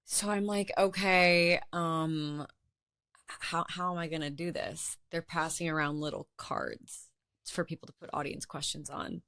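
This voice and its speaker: A young woman chatting as a guest in a casual interview, telling a story with animated acted-out quotes. Her voice sits somewhat low and sounds dry and close. She says "like" over and over. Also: measured pace, dry recording. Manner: animated, heavy use of "like", acts out quotes. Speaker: interview guest, artist and writer.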